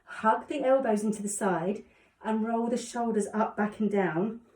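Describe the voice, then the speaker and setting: A woman calmly guiding a yoga class with encouraging cues. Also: fairly high pitch, unhurried. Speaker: yoga instructor. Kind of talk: guided exercise instruction. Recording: echoey room, distant mic.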